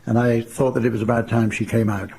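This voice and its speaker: Older English raconteur, gravelly, mid-pitched, dry understated delivery. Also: male voice, level tone, darkish tone. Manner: dry, unhurried, wry understatement. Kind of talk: anecdotal storytelling to a live audience.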